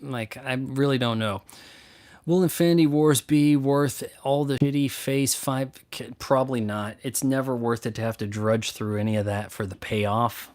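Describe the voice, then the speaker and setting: A man's voice: mid-range voice, fairly even intonation, moderate pace, a little mellow. A man answering viewer questions as a movie and game critic, blunt and sarcastic, swearing often and mocking others in put-on voices. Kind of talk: casual profane Q&A rant.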